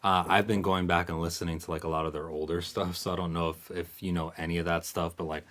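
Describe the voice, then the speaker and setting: A man's voice: sits low, flat delivery, fast, a bit bright. A man co-hosting a music podcast, chatting casually and emphatically with friends, with many fillers. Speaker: podcast co-host. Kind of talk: casual chat.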